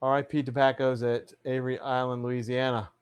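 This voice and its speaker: A man's voice: mid-range voice, little pitch movement, a little fast, clear, resonant tone. A man hosting a casual live chat show, greeting viewers with showman flair and reading their comments aloud. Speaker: livestream host.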